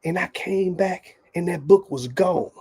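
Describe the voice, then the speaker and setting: A man who is a guest author, telling a faith testimony as an animated storyteller with casual slang. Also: high voice, unhurried, slightly rough.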